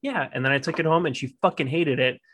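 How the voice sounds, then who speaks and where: A man's voice: medium pitch, fairly even intonation, quick pace, background noise. A man co-hosting a casual podcast, a father of two who tells laid-back stories, laughs often and swears casually.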